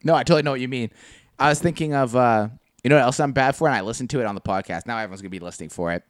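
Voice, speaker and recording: A man's voice: mid-range voice, very fast, dry recording, studio quality. A young man co-hosting a podcast in casual chat, telling crude stories with lots of giggling and acted-out quotes. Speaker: podcast co-host.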